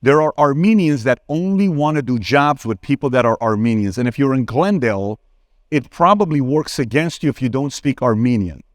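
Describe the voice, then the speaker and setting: Brief: man in his 40s, conference speaker, animated storyteller, close and dry sound. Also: brisk, no room sound. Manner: animated, acts out dialogue with sudden pitch jumps; addresses crowd directly, asks for a show of hands. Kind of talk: live Q&A on stage, storytelling. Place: conference hall stage.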